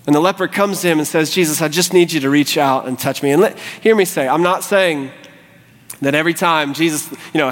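A man's voice: on the high side, brisk, fairly bright tone. A male pastor preaching a sermon, impassioned and rising to fervent pleading. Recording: long hall reverb.

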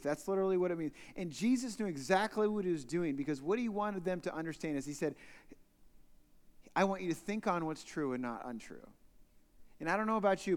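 A man delivers a sermon with a slightly high voice, moving between punchy, loud emphasis and hushed drops. He talks to the congregation like a conversation, and his words ring out with a long reverb through a large church hall. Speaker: pastor.

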